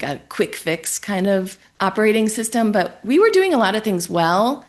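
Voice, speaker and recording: A woman from Ohio, a guest on a podcast, telling her story in an animated, emotional way and acting out her own thoughts. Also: mid-range voice. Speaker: guest entrepreneur and business coach. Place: home in a Colorado town.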